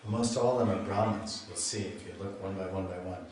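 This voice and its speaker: A man's voice: deep voice, fairly even intonation, a little fast, darkish tone, slight background noise. A man giving a scripture lecture as a swami, chatty and storytelling, often restarting his sentences. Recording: echoey hall, mic at a distance.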